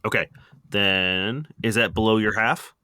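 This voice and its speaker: A man narrating a tabletop game as game master, quick and lively, laughing now and then. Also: lowish voice, smooth, dry recording, clean studio sound.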